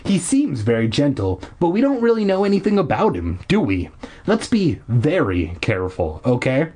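A calm, thoughtful father from a storybook, as a man voices him, speaking softly and carefully. The voice is husky. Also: medium pitch. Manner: soft, measured.

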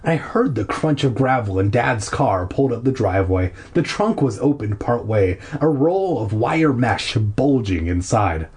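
A man's voice: medium pitch, sing-song, unhurried, hardly any pauses, darkish tone, breathy edge. A man casually reading a children's novel aloud, irreverent and laughing at his own slips. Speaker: reader of a children's horror novel. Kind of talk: casual audiobook reading with jokey asides.

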